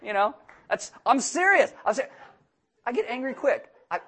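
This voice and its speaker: High-voiced man preaching bluntly. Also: very animated, pushed and bright. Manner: blunt, joking asides, quick bursts of emphasis. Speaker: pastor. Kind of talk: sermon. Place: church.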